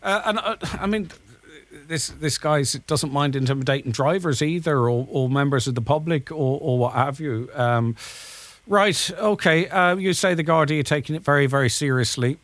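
A man's voice: on the high side, moderate pace, fairly bright tone, dry recording. A man hosting a radio phone-in, asking probing questions in a conversational way. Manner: probing, conversational, stumbles on words. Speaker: radio host.

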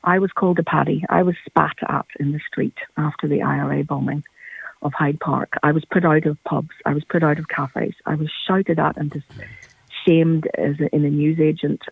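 A woman's voice: sits low, level tone, moderate pace, creaky, slightly rough, no echo. A Northern Irish woman calling in to a radio show, speaking passionately and with emphasis. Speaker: caller. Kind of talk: radio phone-in call. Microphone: phone. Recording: tinny phone line.

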